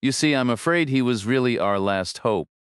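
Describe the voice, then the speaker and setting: Frail elderly woman voiced by a man, hesitant, resigned, wavering, softly spoken. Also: medium pitch, lively intonation, normal speed, smooth, no room sound, clean studio sound, pitched above the performer's own voice, natural voice. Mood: sad, hesitant.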